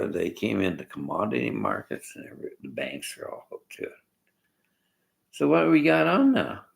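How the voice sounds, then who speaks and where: A man holds forth on politics in a very deep, gravelly voice. He rambles and jabs bluntly at whoever disagrees with him. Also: low-quality recording. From Canada. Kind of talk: political rant to viewers.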